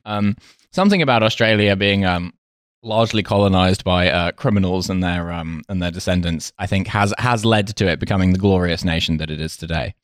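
Wry, profane man with a lowish voice. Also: brisk, no echo, studio quality. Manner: wry, profane, laughs often. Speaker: podcast co-host. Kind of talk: casual chat.

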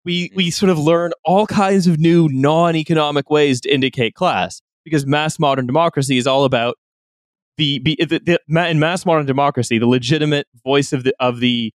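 A man on a podcast laying out a political argument, halting and restarting as he builds it. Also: mid-range voice, dry recording, clean studio sound. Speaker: podcast co-host. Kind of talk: analytical political chat.

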